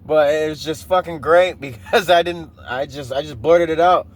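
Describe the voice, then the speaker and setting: A man in his thirties hosts a podcast and tells a rambling, profane personal story, often laughing, in a casual monologue. His voice is a little high, and he talks at normal speed with hardly any pauses.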